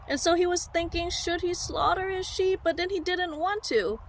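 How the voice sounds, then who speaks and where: A woman preacher telling a story in a sermon, animated and heartfelt, speaking straight to her listeners. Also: very high voice, normal speed, slight background noise.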